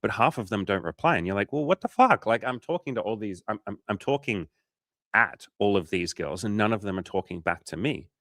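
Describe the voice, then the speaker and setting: A man's voice: lowish voice, a little fast, a bit bright, no echo, clean studio sound. An Australian man, a dating coach, chatting casually on a livestream, swearing often and acting out little scenes.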